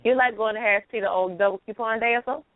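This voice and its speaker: A woman's voice: on the high side, racing, dry recording. A woman hosting a casual chat show, telling stories with frequent laughter. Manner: laughs often, animated storytelling. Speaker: host. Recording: tinny phone line.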